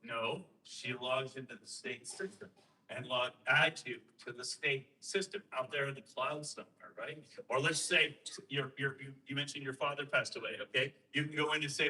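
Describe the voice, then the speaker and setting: A man talking to a host, explaining and telling a story with emphatic rhetorical questions and lively quoted voices. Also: mid-range voice, moderate pace, far from the mic, low-quality recording. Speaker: guest speaker on election systems.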